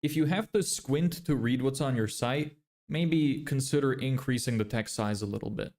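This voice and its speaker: Speaking at an ordinary pace in a mid-range, darkish voice, a male business vlogger mutters blunt judgments of websites while livestreaming his screen. He has a casual, neutral accent usually heard as American.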